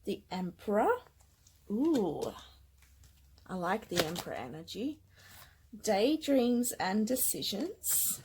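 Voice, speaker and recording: A woman giving a gentle, emotional spiritual card reading, with soft whispered asides. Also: medium pitch, very animated, slow pace, long pauses, slight background noise, rough recording. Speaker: tarot card reader.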